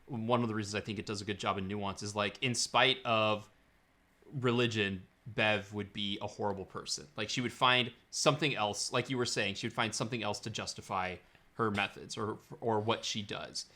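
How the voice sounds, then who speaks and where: A man's voice: on the low side, fairly even intonation, moderate pace, sharp tone. A man co-hosting a podcast, chatting casually about a series and often repeating words as he searches for what to say. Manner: rambling, repeats words while searching for them. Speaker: podcast co-host. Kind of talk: casual film discussion.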